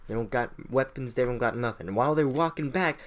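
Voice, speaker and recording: A man's voice: medium pitch, brisk, fairly bright tone. A man giving a casual, irreverent, profane summary of history, joking as he goes. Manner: irreverent, joking, swears freely. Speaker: history recap host.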